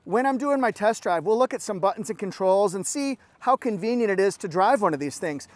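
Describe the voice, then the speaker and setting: A man's voice: high voice, expressive, a little fast, no echo. A middle-aged man giving an upbeat, enthusiastic walkaround review of a car at a dealership, exclaiming as he points out features.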